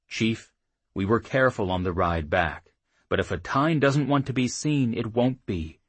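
A man voicing a quick-witted, guarded half-orc rider who explains himself carefully. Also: fairly low pitch, slightly rough, no echo. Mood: wary.

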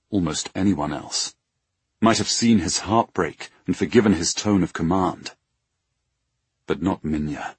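Deep, gravelly male audiobook narrator. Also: dry recording. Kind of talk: scripted fantasy narration.

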